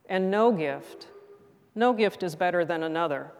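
A middle-aged woman pastor delivering a sermon in a gentle, reflective, measured way. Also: mid-range voice. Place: church sanctuary. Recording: long hall reverb.

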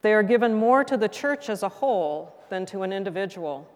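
A middle-aged woman pastor delivering a sermon in a gentle, reflective, measured way. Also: mid-range voice, expressive. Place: church sanctuary. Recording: long hall reverb.

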